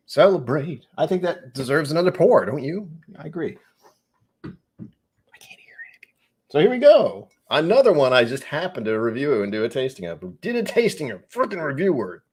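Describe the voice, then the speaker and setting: Husky man musing on a live stream. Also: a little high, expressive, moderate pace, darkish tone. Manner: rambling, self-mocking, reads chat comments aloud. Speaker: whiskey channel host. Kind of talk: casual live-stream tasting chat.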